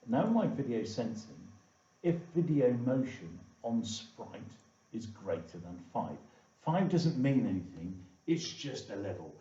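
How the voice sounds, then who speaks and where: A warm, very animated mid-range voice leads this unhurried screen-recorded coding tutorial, with the man chatting to viewers and often saying "okay" and "all right." It sounds echoey and far off, with dull lo-fi room tone.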